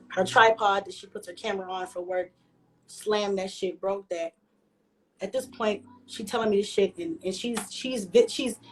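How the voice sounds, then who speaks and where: A woman vlogger telling a story to camera, profane and emphatic. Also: medium pitch. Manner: profane, emphatic, animated retelling.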